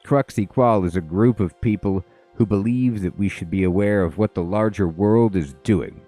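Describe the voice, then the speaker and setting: A man's voice: fairly low pitch, normal speed, warm tone, faint music behind, lightly acted. A man reading out the lines of a very old man who leads a secret group, in his own plain voice. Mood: earnest. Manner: read aloud plainly from on-screen dialogue.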